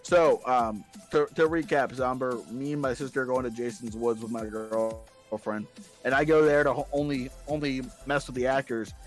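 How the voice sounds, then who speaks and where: A man as a podcast guest, telling playful stories in casual chat, breaking into squeaky voices for quotes, with faint music underneath. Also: steady tone, moderate pace.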